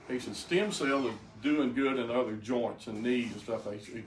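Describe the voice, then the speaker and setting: A man's voice: medium pitch, normal speed, hardly any pauses. Older man, folksy, roomy and distant. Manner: plainspoken storyteller with frequent stammered restarts. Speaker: speaker giving a personal testimony. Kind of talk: folksy personal testimony to a group. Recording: roomy, distant mic, faint background noise.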